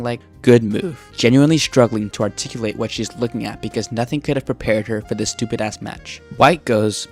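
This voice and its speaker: A man's voice: mid-range voice, brisk, few pauses, soft background music. A man reading scripted, sarcastic mock chess commentary on online arguments. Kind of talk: scripted narration.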